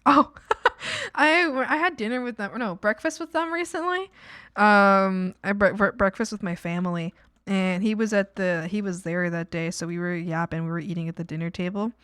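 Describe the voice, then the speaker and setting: A woman's voice: medium pitch, moderate pace, a bit bright, smooth, no room sound, clean studio sound. Giggly rambling woman streamer. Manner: rambling, giggly, filler-heavy with lots of "like". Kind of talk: casual chat while drawing.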